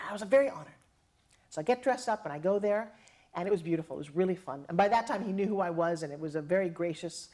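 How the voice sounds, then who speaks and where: A middle-aged woman recounts a personal story with lively, dramatic delivery. She slips into the voices of the people she quotes, and her pitch rises and falls across the telling. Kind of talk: animated storytelling.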